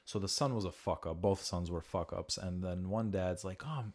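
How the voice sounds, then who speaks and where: A man's voice: sits low, fairly even intonation, moderate pace, darkish tone. A man hosting a podcast, chatting casually and profanely, acting out quoted voices as he talks. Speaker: podcast host.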